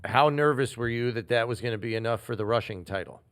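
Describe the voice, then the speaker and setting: Steady male sports-talk host. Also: medium pitch, fast talker, clear, resonant tone. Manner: steady, joking interviewer. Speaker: radio show host. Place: radio studio.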